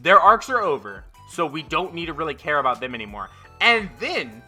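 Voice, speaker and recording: A man's voice: a little high, sing-song, a little fast, pushed and bright, soft background music. A young man casually reviewing manga chapters, swearing a lot and talking with frequent fillers and an exasperated edge. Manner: profane, exasperated, lots of fillers.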